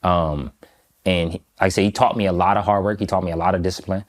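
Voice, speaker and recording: A man from Michigan, a guest in an interview, recounting a personal story in a slow, halting, reflective way with many pauses. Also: low-pitched, fairly even intonation. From Michigan, USA.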